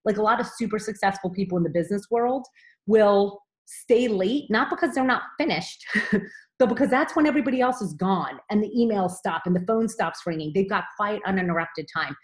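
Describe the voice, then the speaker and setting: A woman's voice: mid-range voice, fairly quick. A woman in her thirties giving a motivational training talk to her team, upbeat and direct, often checking in with "okay?".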